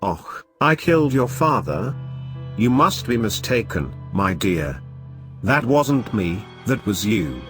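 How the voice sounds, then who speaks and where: A cackling, wicked female spirit from a told horror story, voiced by a man, sitting low and quiet in a taunting tone. She sneers and mocks, slow and deliberate. Faint music plays behind her. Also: sing-song, heavily acted. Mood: mocking. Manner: mocking, taunting.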